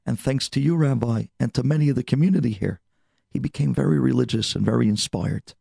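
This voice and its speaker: A man voicing a gentle eighty-seven-year-old man who speaks softly and earnestly. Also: mid-range voice, brisk, vocal fry, breathy edge, no echo, clean studio sound. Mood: tender.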